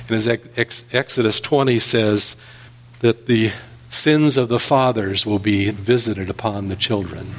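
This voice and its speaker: A man's voice: lowish voice, fairly even intonation, measured pace. A man preaching an earnest sermon as pastor, telling stories and building emphasis.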